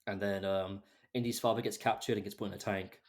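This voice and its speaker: A man's voice: lowish voice, fairly even intonation, fairly quick. A young man hosting a podcast, chatting casually about films with many restarts and fillers. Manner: rambling, many restarts and fillers, laughs often. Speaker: podcast host. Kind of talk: casual film chat.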